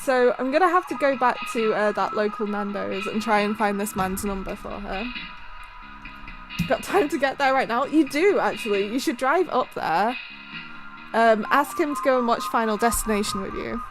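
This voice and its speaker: A young woman streamer telling a story casually, animated and giggly. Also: a little high, moderate pace, rough recording. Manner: giggly, animated, breaks into laughter often. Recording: music playing underneath.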